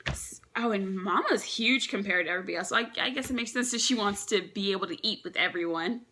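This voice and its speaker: A young woman reacting live to a comic chapter, chatty and excited, thinking aloud with frequent restarts. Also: medium pitch, fast. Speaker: manga reaction vlogger.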